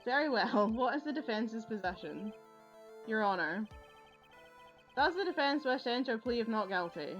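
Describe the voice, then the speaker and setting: A woman's voice: fairly high pitch, expressive, moderate pace, long pauses, dull audio, faint music behind, lightly acted. A woman reading the lines of an older male judge in a video game, in a formal, ponderous manner. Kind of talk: reading game dialogue aloud.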